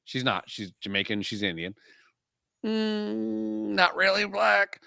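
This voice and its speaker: A man's voice: high-pitched, very animated, creaky, pushed and bright, clear, resonant tone, no room sound, clean studio sound. A man co-hosting a podcast, cracking provocative, profane jokes in casual banter. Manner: provocative, profane, joking, fast-shifting emphasis. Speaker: podcast co-host. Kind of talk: crude joking podcast banter.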